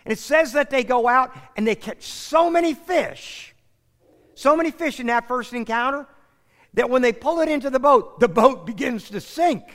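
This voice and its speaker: A man preaches a sermon with a high voice and a lively, sweeping delivery. He acts out the lines he quotes as he goes. The sound carries a long hall reverb. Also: moderate pace. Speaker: pastor.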